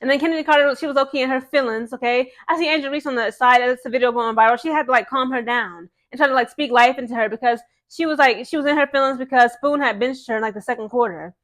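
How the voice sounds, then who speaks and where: A woman's voice: high-pitched, fast talker, hardly any pauses, fairly bright tone. A woman vlogging as a sports fan, ranting in a casual, emphatic, exasperated way.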